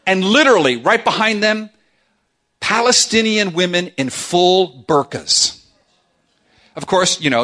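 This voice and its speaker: Animated, bright-voiced male pastor preaching. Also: on the high side. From South Florida. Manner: animated, humorous, acts out quoted voices. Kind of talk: sermon. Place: church sanctuary with congregation.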